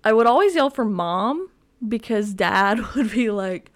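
A woman's voice: fairly high pitch, lively intonation, unhurried. A woman in her twenties hosting a podcast alone, rambling and self-deprecating with many fillers. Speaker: podcast host. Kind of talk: casual solo chat.

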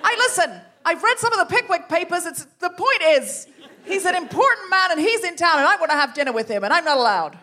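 A woman improvising an impassioned 19th-century woman journalist who rallies her friends, loud and indignant, on a live theatre stage. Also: extremely high pitch, animated, fast, pitched above the performer's own voice, exaggerated voice.

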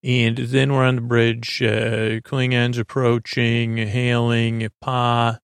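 A man's voice: medium pitch, completely flat delivery, slow, creaky, clear, resonant tone, no echo, clean studio sound. A man hosting a sleep podcast, loosely retelling a TV episode in a meandering way, full of fillers and restarts. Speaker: podcast host. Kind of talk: rambling episode recap for sleep.

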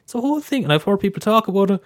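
A man's voice: high voice, big pitch swings, racing, dry recording, studio quality. A young Irish man hosting a casual solo podcast, talking candidly with frequent swearing and stammered restarts. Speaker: podcast host.

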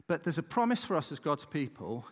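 A man gives a relaxed, conversational sermon, checking in with his listeners as he tells a story. His voice sits a bit high and swings widely in pitch. It rings with the long reverb of a large church hall. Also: a little fast. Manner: conversational, chatty, lots of "right?" asides. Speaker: preacher.

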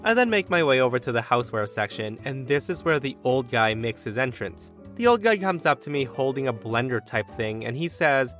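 A man's voice: brisk, hardly any pauses. Guy reading reddit stories, voice swoops up and down a lot, faint music under it. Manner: animated storytelling, pitch jumps for quoted people. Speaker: host.

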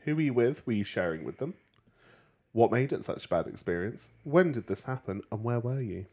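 A podcast co-host with a southern English accent. This man's voice is slightly husky and his pitch swings widely as he jokes around. He teases his co-host and swears casually. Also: lively intonation, a little mellow. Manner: playful, jokey, quick to swear. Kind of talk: casual chat.

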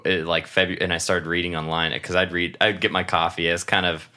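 A young man from Washington state co-hosts a podcast with a very deep voice that still has a bright, forceful edge. He rambles through stories in casual chat, laughing often and swearing without a second thought. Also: flat delivery, fairly quick. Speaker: podcast co-host.

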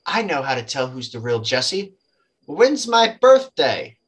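A man's voice: fairly high pitch, sing-song, measured pace, slightly rough, full character voice. A man voicing a short male servant who sounds confused and accusing.

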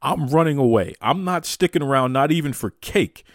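Excitable male wrestling show host. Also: on the high side, moderate pace, no room sound, clean studio sound. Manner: excitable, playful, exaggerated hype. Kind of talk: hyped casual podcast talk.

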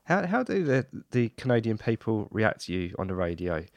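A man's voice: on the low side, sing-song, normal speed, a little mellow, no echo. A man interviewing a guest, asking questions hesitantly and repeating words as he goes.

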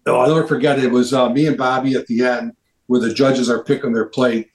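Man telling lively stories over an echoey call. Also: medium pitch, fast talker. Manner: animated anecdotes, acts out quoted voices. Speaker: interview guest. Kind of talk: casual storytelling.

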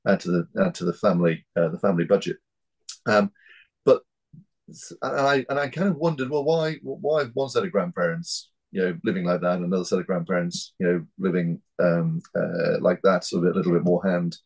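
A man in his fifties from North East England, speaking as an interview guest in a measured, hesitant way with many fillers and restarts. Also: deep voice, creaky, a little mellow, husky, low-quality recording. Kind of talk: reflective interview talk.

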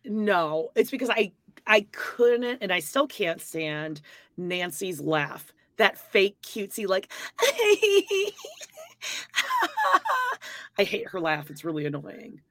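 A gossipy woman co-hosting a casual podcast, her voice a little low. She reacts quickly and chats in an animated way, and her voice sounds dry, with no room around it. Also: no room sound. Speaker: podcast co-host. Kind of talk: casual chat.

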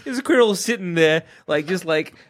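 A speaker in a loose comedic chat with friends, rambling from one silly idea to the next. The voice has a middling pitch and moves up and down a great deal. They keep riffing and restarting thoughts as they go. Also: lively intonation. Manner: rambling, riffing, quick to laugh.

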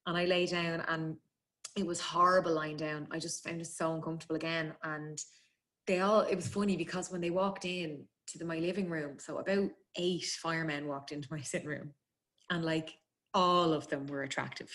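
An Irish woman guest chats freely, her voice sitting low with a steady, fairly bright tone. She tells a personal story emotionally and laughs often.

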